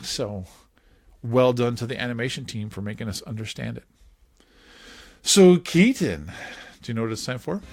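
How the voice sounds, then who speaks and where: Playful, animated male podcast host. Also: medium pitch, moderate pace, gravelly, long pauses. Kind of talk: casual podcast chat.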